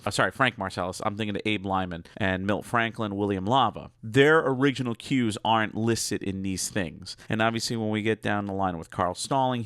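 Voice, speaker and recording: A man with a New Jersey accent talks casually about old cartoon music, his voice smooth and resonant. The sound is dry and close, and he slips playfully in and out of a put-on Southern drawl. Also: on the low side, fairly bright tone, dry recording. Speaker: guest music commentator. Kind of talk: casual commentary.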